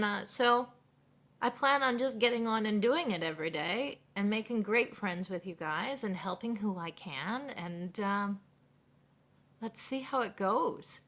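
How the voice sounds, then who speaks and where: Her voice is medium-pitched, very bright and clear as she talks casually and loosely to her live stream viewers, offering thanks again and again.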